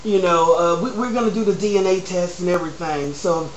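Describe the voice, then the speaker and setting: A man doing an impression of an older male talk-show host speaking in a low, measured voice. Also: a little hiss or hum, natural voice. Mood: calm. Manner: low, slow, mock-authoritative. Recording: roomy echo.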